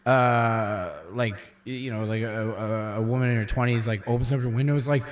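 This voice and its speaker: A man's voice: medium pitch, animated, slow pace. A man co-hosting a casual late-night chat, rambling and self-deprecating, often trailing off mid-thought. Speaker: comedian co-host. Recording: echoey room.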